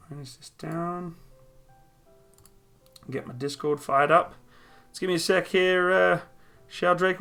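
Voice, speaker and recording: A man's voice: on the high side, sharp tone. A man hosting a casual live stream from a room at home, reading viewer comments aloud and answering them upbeat.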